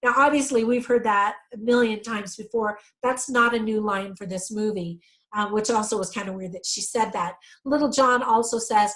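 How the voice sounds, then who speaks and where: A woman's voice: mid-range voice, moderate pace, a bit bright, rough recording. A middle-aged woman giving a casual movie review, chatty and full of ums, correcting herself as she goes.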